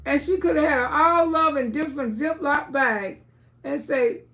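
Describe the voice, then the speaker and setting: A woman's voice: sits high, moderate pace, fairly bright tone. An older woman hosting a live stream, giving blunt, scolding commentary and swearing freely. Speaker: livestream host.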